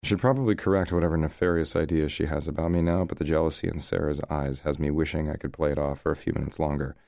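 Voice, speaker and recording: A man's voice: extremely low pitch, steady tone, fast talker, creaky, a little mellow, no room sound. A man narrating a first-person romance audiobook in a wry, conversational way, recorded close to the mic.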